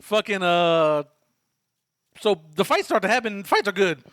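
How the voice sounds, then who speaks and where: A man with a notably high voice, co-hosting a laid-back movie podcast. He swears, cracks jokes and slips into characters' lines. The sound is dry and close. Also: sing-song, unhurried, fairly bright tone, no room sound. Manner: profane, joking, quotes characters in funny voices. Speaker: podcast co-host. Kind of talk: casual film recap chat.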